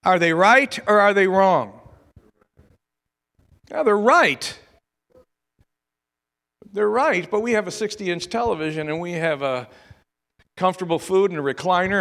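A man's voice: high voice, a bit bright, in a large hall. A male preacher delivering a sermon in a conversational way, repeating words and asking rhetorical questions.

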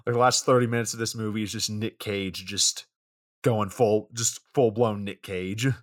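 A man co-hosting a casual movie podcast, relaxed, recapping scenes with many filler words. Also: lowish voice, normal speed, dry recording, studio quality. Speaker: podcast co-host. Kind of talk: casual movie review chat.

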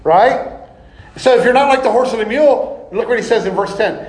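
A man preaching a sermon in an animated, folksy way, often breaking into laughter. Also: very high voice, brisk. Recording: echoey room.

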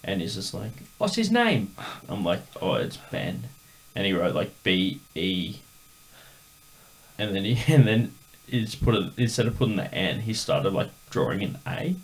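A man's voice: deep voice, moderate pace. A man hosting a podcast, telling a rambling story in casual chat with lots of fillers. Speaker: podcast host.

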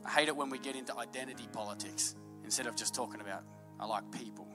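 A man preaching a sermon to his congregation, swinging between hushed asides and loud, fervent peaks. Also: medium pitch, fast talker, over loud music. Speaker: pastor.

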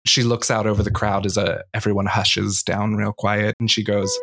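A man narrating as game master in a relaxed, casual way. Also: on the low side, normal speed, few pauses, over music.

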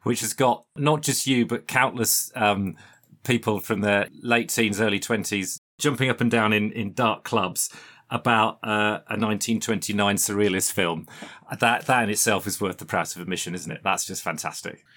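Wry, low-voiced man. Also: fairly even intonation, normal speed, a bit bright. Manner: wry, self-deprecating, emphatic. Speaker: podcast co-host. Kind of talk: casual music chat.

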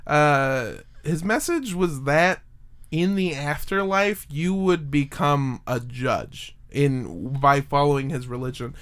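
A man's voice: fairly high pitch, lively intonation, takes it slowly, a bit bright. A young man hosting a casual podcast, telling a story in a rambling, jokey way with lots of fillers.

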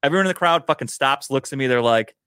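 Fast-talking profane man, dry sound. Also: mid-range voice, sharp tone, smooth, no echo. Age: adult, grown older. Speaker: podcast host, sports fan. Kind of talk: casual sports chat.

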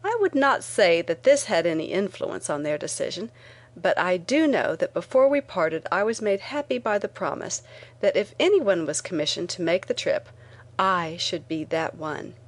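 Low-voiced woman reading an audiobook. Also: animated, normal speed. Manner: clear storytelling, first person. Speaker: narrator.

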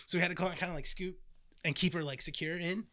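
A man's voice: sits high, fairly even intonation, quick pace, sharp tone, no echo, clean studio sound. A man co-hosting a podcast, chatty in casual talk, often laughing and filling in with short agreements. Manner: chatty, laughing storyteller with many backchannels. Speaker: podcast co-host. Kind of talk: casual chat.

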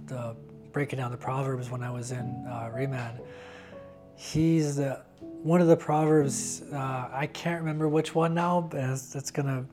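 A man giving a candid interview about his faith, talking earnestly and haltingly with frequent restarts. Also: medium pitch. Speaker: interviewee sharing a personal faith testimony.

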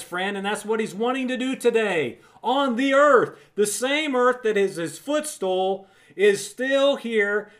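Preacher type, male, fairly high voice; fervent, conversational Bible teaching, leans on repetition. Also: a bit bright. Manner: emphatic, repeats words for emphasis; conversational, addresses listener as friend.

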